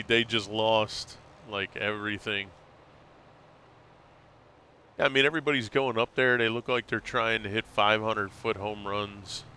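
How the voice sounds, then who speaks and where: A man's voice: fairly low pitch, sharp tone, slight background noise. A man streaming live, chatting casually and rambling, calling his viewers bro. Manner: laid-back, rambling, calls viewers bro.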